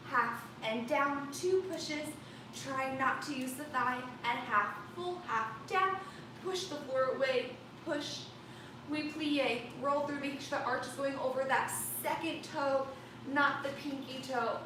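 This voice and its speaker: A woman's voice: sits high, background noise. Woman calling counts in a roomy studio. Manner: calm counting cues. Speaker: ballet teacher. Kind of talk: online dance class instruction. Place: dance studio. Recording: roomy studio with distant mic. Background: loud class music.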